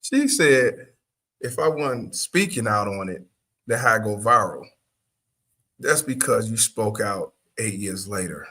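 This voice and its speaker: A man's voice: fairly low pitch, expressive, unhurried, pushed and bright. A man hosting a casual reaction show, profane and laughing often as he comments. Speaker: host.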